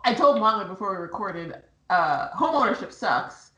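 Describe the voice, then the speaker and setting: A woman's voice: mid-range voice, sing-song, normal speed, a bit bright. A young woman co-hosting a podcast in casual chat, laughing and joking at her own expense. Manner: chatty, laughing, self-mocking. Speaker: podcast co-host. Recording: roomy echo.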